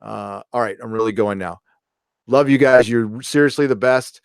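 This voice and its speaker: Middle-aged male streamer, loose and jokey, smooth voice, dry close mic. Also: mid-range voice, moderate pace, no room sound. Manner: rambling, reads donations aloud, jokey. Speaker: live stream host. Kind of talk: casual live stream chat.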